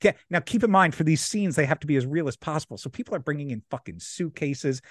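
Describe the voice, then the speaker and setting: A young man and podcast co-host, telling a story in casual chat, animated and laughing as he acts out the people in it. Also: on the high side, quick pace, breathy edge, no room sound, clean studio sound.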